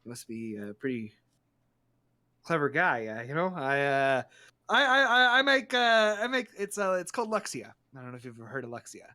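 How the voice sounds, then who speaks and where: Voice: mid-range voice, big pitch swings, pushed and bright, dry recording. A game master voicing a sheepish male alchemist who rambles and stammers through his excuses. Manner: halting, stammering, full of fillers.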